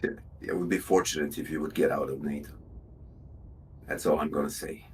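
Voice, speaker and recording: A man joining a casual voice chat, speaking slowly and hesitantly with many pauses. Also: rumbling low, fairly even intonation, a little mellow. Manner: slow and hesitant, full of "uh". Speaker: chat participant. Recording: distant voice from the mic.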